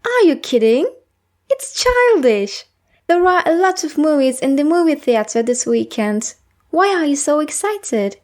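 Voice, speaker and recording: A woman voicing a young girl with a bright, playful manner. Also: high voice, expressive, moderate pace. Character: young girl, teasing then apologetic.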